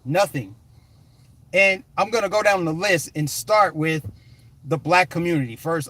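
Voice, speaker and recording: A man from the United States rants on a political vlog, hammering points in punchy, repeated bursts. His voice sits high for a man. The delivery stays combative and emphatic throughout. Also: fairly bright tone, no room sound. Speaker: political commentary vlogger. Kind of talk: fired-up ranting commentary.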